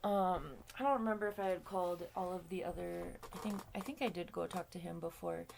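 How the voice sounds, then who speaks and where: A woman's voice: fairly low pitch, fairly even intonation, brisk, creaky, darkish tone, a little hiss or hum. A woman hosting her own vlog, telling a personal story in a casual, rambling way with frequent swearing and fillers. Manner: chatty, swears freely, many fillers. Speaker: vlog host.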